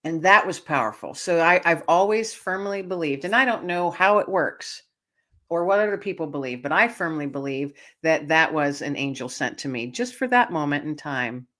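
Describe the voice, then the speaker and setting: This is a woman with a low-pitched voice, speaking as a guest in an interview. She tells a personal story in an animated way, laughs often, and stops to restart her sentences with fillers. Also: moderate pace. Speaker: guest author.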